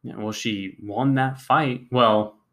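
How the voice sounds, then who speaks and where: A man co-hosting a casual podcast, ribbing his partner with dry, teasing remarks. His voice sits at an ordinary middle pitch, and he keeps an easy conversational tone. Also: steady tone, takes it slowly, fairly bright tone. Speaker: podcast co-host. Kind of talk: casual chat.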